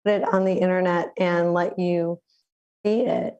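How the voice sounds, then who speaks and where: A woman hosting a community radio interview, hoarse and raspy from the flu, chatting in a relaxed way with many fillers over a video call. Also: on the low side, measured pace, lo-fi sound. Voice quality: raspy, smoky. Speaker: radio show host.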